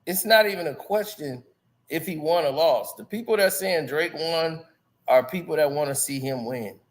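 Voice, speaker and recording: A man giving casual commentary, animated and laughing often. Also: on the high side, moderate pace. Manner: animated, laughing, mimics loud greetings.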